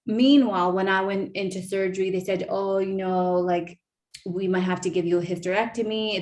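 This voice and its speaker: A woman in her thirties, a podcast host, telling a personal story in a gushing, animated way with many fillers. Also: lowish voice. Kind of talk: emotional casual storytelling.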